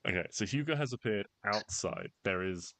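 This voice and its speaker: A man's voice: lowish voice, animated, normal speed, fairly bright tone, no room sound. A man narrating as game master in easygoing, loosely phrased narration full of fillers.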